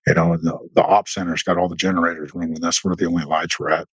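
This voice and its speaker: A man's voice: little pitch movement, fast talker, husky, no echo, low-quality recording. A middle-aged man, a military veteran guest, telling war stories in a rambling, anecdotal way and acting out the dialogue. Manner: rambling anecdotal telling with many restarts and fillers; acts out quoted dialogue with raised pitch. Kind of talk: casual storytelling interview.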